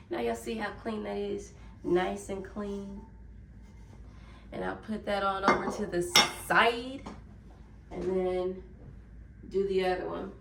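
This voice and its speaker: A Memphis, Tennessee woman with a Southern accent chats casually to viewers in her lifestyle vlog, cleaning up her kitchen at home. Her mid-range voice is gravelly yet fairly bright, steady in tone, slow and full of pauses. The distant mic gives a roomy sound with a little hiss or hum.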